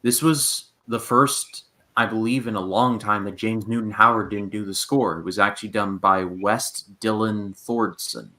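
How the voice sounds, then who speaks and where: A man co-hosting a casual movie review chat, adding facts in a measured way. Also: lowish voice, steady tone, sharp tone. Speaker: podcast co-host.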